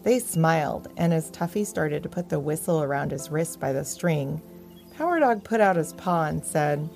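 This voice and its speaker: A woman tells a children's bedtime story with gentle expression. Her low voice has a steady gravelly texture, and soft music plays quietly behind her. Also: normal speed.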